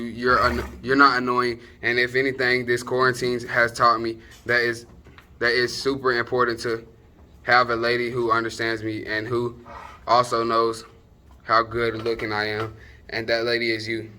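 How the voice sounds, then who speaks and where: A man's voice: mid-range voice, sharp tone, a little hiss or hum. Young man playing a cocky, awkward boyfriend. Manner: awkward, self-correcting, boastful. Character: cocky young man apologizing to his girlfriend. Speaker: student actor. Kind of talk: comedic stage monologue.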